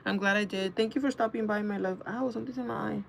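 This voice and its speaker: A woman's voice: mid-range voice, fairly even intonation, fast talker, vocal fry, slight background noise. A young woman chatting casually on a makeup livestream, telling a rambling story full of fillers. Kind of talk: casual chat while doing makeup.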